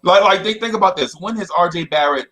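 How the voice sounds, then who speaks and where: An animated man hosting a casual sports talk show. His voice sits a bit higher than most men's. He drives a story forward and keeps looping back with "right?" and "I'm telling you". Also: fast talker.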